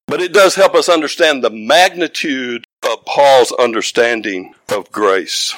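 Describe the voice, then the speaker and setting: A man's voice: medium pitch, animated, normal speed, few pauses, a bit bright, dry recording, rough recording. An older man preaching a sermon as pastor, folksy and conversational, building to fervent emphasis.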